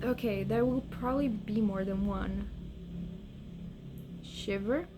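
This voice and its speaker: Excitable young woman gamer, slow-talking. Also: mid-range voice, background noise. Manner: excitable, swings between scared and cooing over cute creatures. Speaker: gaming vlogger. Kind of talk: casual gameplay chat.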